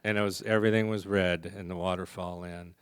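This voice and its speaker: Male recovery speaker, low clear voice, confessional and funny. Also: little pitch movement, fairly quick. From American. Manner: humorous, confessional storytelling. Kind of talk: storytelling recovery talk. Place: conference hall.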